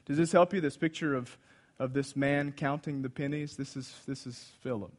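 A man preaching a sermon, swinging between loud exclamations and hushed asides as he retells a Bible story. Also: mid-range voice, fairly even intonation, normal speed. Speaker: pastor.

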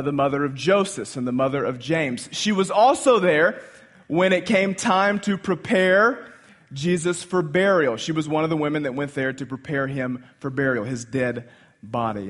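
Pastor, male, sermon delivery, fairly high voice, quiet-to-loud emphatic swings.

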